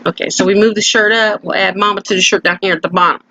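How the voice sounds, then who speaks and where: Bright-voiced chatty woman crafter. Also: medium pitch, fairly even intonation, fast talker, lo-fi sound. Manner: chatty and playful, often slips into a put-on folksy country voice. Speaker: craft channel host. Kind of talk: casual crafting voice-over. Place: at home.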